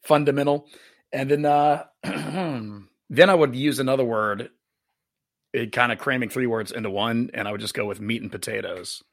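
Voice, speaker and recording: A man talking casually as a podcast guest, his voice carrying a gravelly edge. He takes his time, stumbles through fillers and restarts, and drops the odd dry joke. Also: mid-range voice, normal speed. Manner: laid-back, hesitant, many fillers, dry humor. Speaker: guest musician. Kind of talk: casual interview chat.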